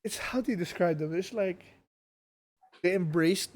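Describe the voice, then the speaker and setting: A man's voice: high voice, moderate pace, a little mellow. A man co-hosting a podcast, talking with enthusiasm in casual chat and stumbling over words. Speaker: podcast co-host. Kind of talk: casual chat reviewing shows.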